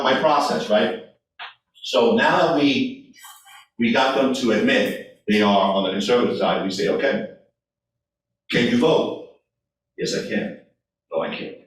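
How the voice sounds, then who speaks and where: A man giving a speech at a meeting, talking in an animated way and acting out people's replies. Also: medium pitch, measured pace, long pauses, slight background noise. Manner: animated, acts out voters' replies. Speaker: guest speaker. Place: meeting hall. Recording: echoey room, voice from far off.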